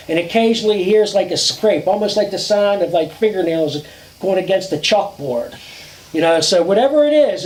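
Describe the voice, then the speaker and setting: A man casually telling a ghost story outdoors at a campfire, dramatic and drawn-out, with swearing. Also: high-pitched, darkish tone, echoey room, poor audio.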